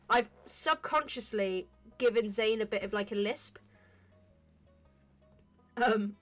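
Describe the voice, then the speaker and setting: A woman's voice: mid-range voice, fairly bright tone. A young adult woman streaming a game and chatting casually, rambling and often restarting her sentences. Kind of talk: casual chat while gaming.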